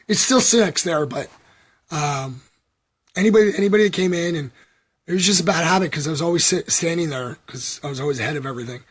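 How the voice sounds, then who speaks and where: A middle-aged Canadian man with a fairly high, husky voice rambles confessionally on a casual livestream. His chat is packed with fillers and asides to viewers, vlogger-style.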